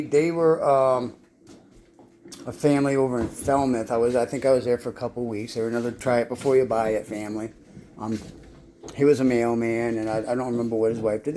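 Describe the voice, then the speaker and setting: An adult man with a mid-range, dark-toned voice rambles casually through his life story, swearing constantly. He often stumbles and repeats words as he restarts sentences. A little hiss or hum sits under the recording.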